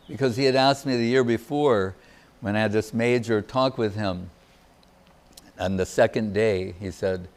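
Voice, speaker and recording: An older man giving a reminiscing devotional talk as a spiritual teacher, pausing often and searching for his words. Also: mid-range voice. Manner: halting, searching for words, many pauses.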